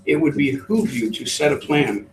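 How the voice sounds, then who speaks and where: A middle-aged man, a trainer, telling a lively story to a live group and acting out the voices. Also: on the high side, normal speed, a little hiss or hum. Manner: animated storyteller, acts out voices. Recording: roomy, distant mic.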